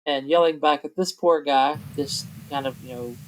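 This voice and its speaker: Brief: a man running a tabletop game, his voice a bit high, loose and easygoing as he narrates. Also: normal speed, a little hiss or hum. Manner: relaxed, laughing narration with fillers. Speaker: game master.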